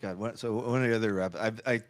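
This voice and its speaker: Male podcast co-host, lower voice, halting filler-laden casual delivery. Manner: hesitant, heavy use of "like". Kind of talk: casual chat.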